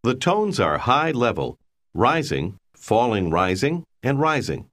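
A man narrating a language lesson in a slow, clear, measured teaching delivery. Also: medium pitch, very animated, fairly bright tone. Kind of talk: scripted instructional narration.

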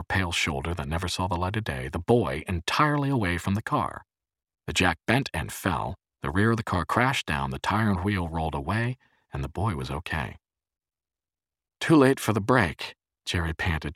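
A man reading a novel aloud as an audiobook narrator in a measured storytelling way. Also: sits low, fairly bright tone, husky, dry recording, studio quality.

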